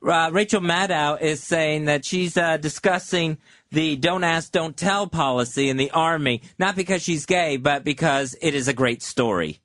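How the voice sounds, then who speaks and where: A man co-hosting a radio show, talking earnestly and haltingly with many fillers. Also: on the high side, fairly bright tone, dry recording. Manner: earnest, hesitant, filler-heavy. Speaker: radio co-host. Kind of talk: casual studio banter. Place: radio studio.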